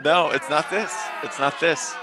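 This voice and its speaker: A man's voice: a little high, fairly even intonation, a little slow, loud music behind the voice, over a noisy crowd. A man co-hosting a podcast in casual chat, easygoing and chuckling. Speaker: podcast co-host.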